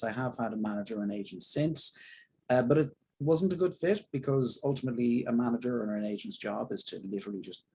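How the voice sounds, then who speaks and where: A young Irish actor talking candidly and at length in an interview, rambling and self-deprecating. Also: male voice, mid-range voice, darkish tone, husky, rough recording. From Ireland. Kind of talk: casual interview talk.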